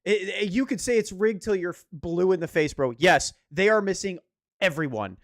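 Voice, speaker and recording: A young man in casual sports chat, animated and swearing as he rants about football. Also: high voice, moderate pace, no room sound, clean studio sound. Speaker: podcast co-host.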